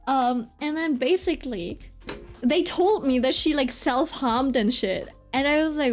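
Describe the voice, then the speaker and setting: A woman's voice: sits high, measured pace, soft background music. A woman streamer telling a story in a casual, rambling way, full of fillers and constant "right?" check-ins. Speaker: streamer chatting while drawing.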